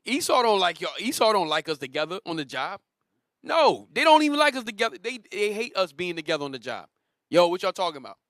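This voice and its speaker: Male teacher leading a scripture lesson, emphatic and repetitive, fairly high voice, dry sound. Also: big pitch swings, quick pace, fairly bright tone, no echo. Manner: emphatic, repetitive, directs the reader. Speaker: Bible class teacher. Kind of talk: religious lesson.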